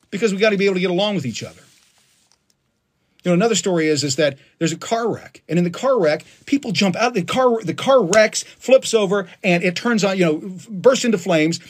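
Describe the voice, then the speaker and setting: Husky, animated man ranting passionately. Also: sits high. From United States. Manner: emphatic, passionate ranting with many restarts. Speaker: political livestream host. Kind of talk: ranting monologue on a live stream.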